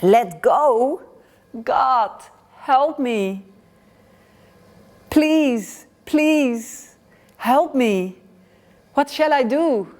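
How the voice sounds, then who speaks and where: Desperate pilgrim man, put on by a woman, pleading, shouting, raised pitch. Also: expressive, very slow, hardly any pauses, heavily acted. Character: desperate male pilgrim dangling from a cliff.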